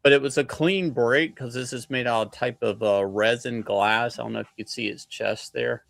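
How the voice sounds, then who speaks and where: A man's voice: medium pitch, steady tone, normal speed, vocal fry, a bit bright, no echo. A man chatting as a guest on a casual livestream, blunt and profane, talking matter-of-factly about his work. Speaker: guest artist.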